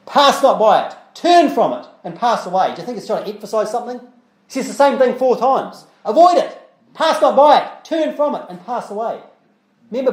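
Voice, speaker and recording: A man's voice: high-pitched, darkish tone, reverberant, poor audio. A man preaching a sermon as pastor, talking conversationally with rhetorical questions and repeated words, and reading scripture aloud in old-style English. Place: church.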